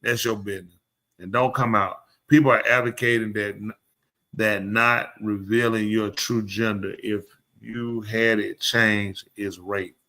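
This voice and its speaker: A man's voice: on the low side, steady tone, unhurried, sharp tone. A man hosting a live podcast show, ranting bluntly and opinionatedly in casual chat and addressing the people around him. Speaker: podcast host.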